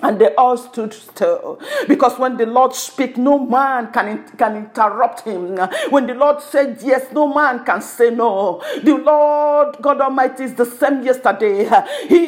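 A woman's voice: a little high, a little slow, few pauses. A woman preaching a sermon, fervent, with lots of repetition.

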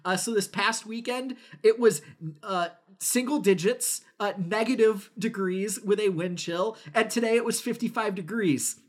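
A man's voice: high-pitched, measured pace. A man co-hosting a gaming podcast, talking casually with lots of fillers and the odd swear word. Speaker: podcast co-host. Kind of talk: casual chat.

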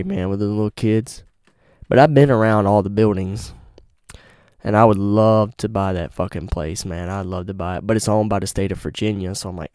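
A young man tells a story on his podcast, loose and full of cursing and slang. His voice is a little low and mellow, almost warm, close and dry on a studio mic with no room sound. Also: smooth, dry recording. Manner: profane, slangy, animated storyteller. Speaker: podcast host. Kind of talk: casual storytelling monologue. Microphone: studio mic with pop filter.

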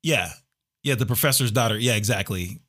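A middle-aged man co-hosting a casual podcast chat, animated and quick to laugh, often trailing off into fillers. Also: on the low side. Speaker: podcast co-host.

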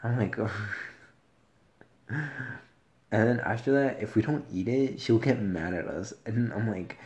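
A man hosting a casual solo podcast, with a soft, low voice and a rambling, profane, laid-back way of talking. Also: slow pace, long pauses. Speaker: podcast host.

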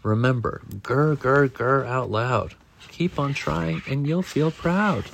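A man voicing a gentle, encouraging father tiger while reading a picture book aloud, slow and reassuring. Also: medium pitch, expressive, vocal fry.

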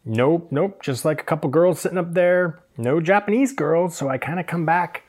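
A young man who hosts a hairstylist podcast tells a self-deprecating story in a chatty way, doing the voices of the people in it. His voice is fairly high and slightly mellow, at a moderate pace.

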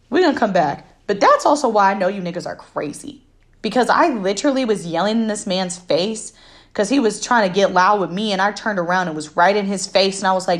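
A young adult woman hosting a podcast, telling a story in a heated, profane, emphatic casual rant. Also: medium pitch. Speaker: podcast host.

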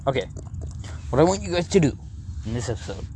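A man's voice: medium pitch, big pitch swings, fast, dark tone. An easygoing man co-hosting a casual chat, rambling as he explains his plans. His delivery rises and falls a lot. There is a faint noise in the background. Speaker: co-host.

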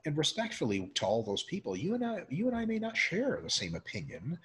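Animated, profane man from Russia. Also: fairly high pitch, fairly quick, rough recording. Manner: animated, blunt and profane, with lots of filler words. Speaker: podcast guest. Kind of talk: casual conversation.

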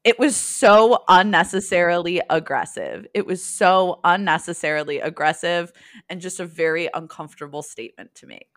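Animated young woman co-hosting a chat. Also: lowish voice, normal speed. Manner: animated, laughs often. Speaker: podcast co-host. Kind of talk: casual chat.

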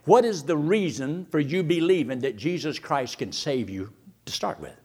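A man's voice: a little high, lively intonation, a little mellow. Guy preaching a sermon, voice jumps up and down a lot, fires off questions. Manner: asks rapid rhetorical questions, reads scripture aloud.

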